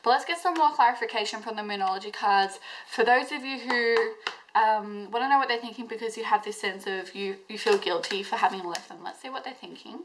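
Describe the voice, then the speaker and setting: Over a noisy background, a woman of medium pitch talks fairly quickly as she gives a pick-a-card tarot reading. She addresses her viewers directly in an emotional, intense, reassuring way, filling her speech with plenty of fillers.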